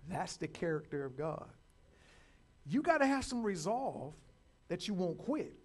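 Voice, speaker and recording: A man preaching a sermon, repeating words and building to loud calls to his listeners. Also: high-pitched, sing-song, a little slow. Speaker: pastor.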